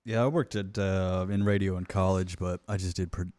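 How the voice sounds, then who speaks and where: A man's voice: sits low, flat delivery, moderate pace, darkish tone, dry recording. A man hosting a podcast, telling stories in casual chat and mimicking the people he describes. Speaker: podcast host.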